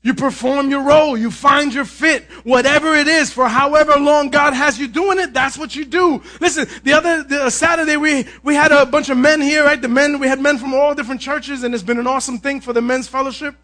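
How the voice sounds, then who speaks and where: Man, pastor, energetic sermon, high voice, frequent shouting. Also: fairly quick, hardly any pauses. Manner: energetic preaching, often shouting; asks the congregation "Amen?".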